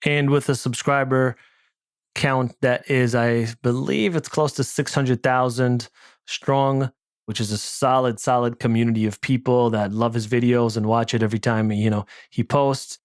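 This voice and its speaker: A man's voice: mid-range voice, little pitch movement, normal speed, dry recording, studio quality. A man with a New York accent hosting a podcast interview, chatty and rambling with lots of fillers. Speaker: podcast host.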